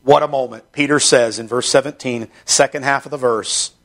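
Gravelly-voiced fervent male preacher. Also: medium pitch, fairly even intonation, a bit bright. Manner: emphatic, rising into fervent stretches; reads Scripture aloud in slow measured delivery. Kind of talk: sermon.

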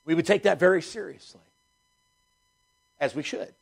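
A man preaching a sermon as pastor, emphatic and repeating key phrases, slowing down to stress scripture. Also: on the high side, vocal fry.

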